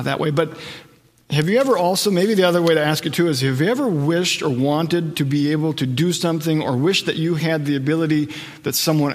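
A fairly high-pitched middle-aged man, a pastor, preaches in a large hall. He narrates stories as if chatting and brings the quotations to life by acting them.

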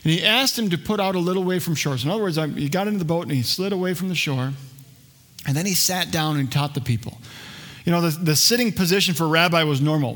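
Conversational preacher, a man, slightly high voice. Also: a bit bright. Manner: conversational, jokes with the congregation. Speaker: pastor. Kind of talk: sermon. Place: church.

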